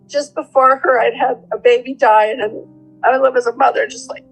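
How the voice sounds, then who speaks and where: An older woman speaks in a therapy session, her voice sitting a little high. She talks earnestly and haltingly, close to tears. Faint music plays underneath. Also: steady tone, vocal fry, slightly rough, poor audio. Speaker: mother of the host. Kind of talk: emotional conversation in therapy.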